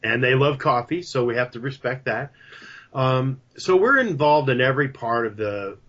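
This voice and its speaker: A man talking as a podcast guest about his coffee company, chatty and a little jokey, with a sales-pitch energy. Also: lively intonation, normal speed, a bit bright. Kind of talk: casual interview talk. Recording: dull lo-fi sound.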